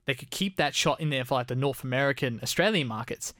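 A man's voice: mid-range voice, expressive, fast, a bit bright, no room sound, clean studio sound. A young adult man co-hosting a casual film review podcast, laughing as he critiques dismissively. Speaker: podcast co-host.

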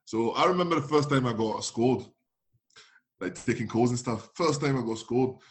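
A young Frenchman whose first language is French, a former footballer, tells stories in casual chat with a mid-range voice at a moderate pace. He's an animated storyteller who acts out dialogue and laughs often.

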